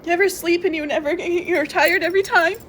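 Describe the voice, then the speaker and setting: A woman's voice: very high voice, fairly even intonation, fairly quick, fairly bright tone, slight background noise. A woman vlogger talking in a rambling, emotional confessional monologue, tearful and congested, sometimes laughing through her tears.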